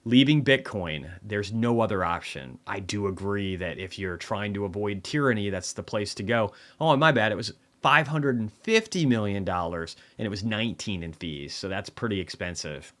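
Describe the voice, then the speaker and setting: A man's voice: fairly low pitch, lively intonation, normal speed, hardly any pauses, a bit bright. A tired man casually rambling through a market recap livestream, swearing often. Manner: profane, rambling, offhand.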